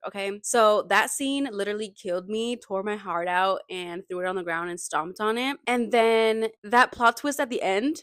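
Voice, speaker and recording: A young woman giving a chatty, gushing book update as a vlogger, emphatic and excited. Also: medium pitch, normal speed, few pauses, no echo, studio quality. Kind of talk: casual reading update.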